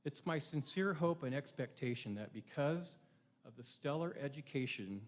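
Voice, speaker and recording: Here a middle-aged ceremony speaker reads a prepared address with earnest reflection, asking his audience rhetorical questions. His voice sits in the mid range and has a somewhat mellow quality.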